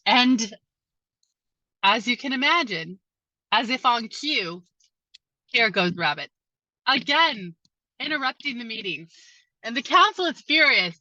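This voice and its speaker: A woman guest speaker telling a story in a sermon, with animated, expressive delivery. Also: on the high side, dry recording. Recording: dull lo-fi sound.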